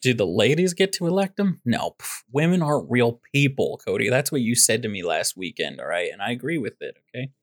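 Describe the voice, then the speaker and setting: Animated, sarcastic ranting man. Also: mid-range voice, quick pace, few pauses, no echo, clean studio sound. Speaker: podcast co-host. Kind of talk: casual movie podcast chat.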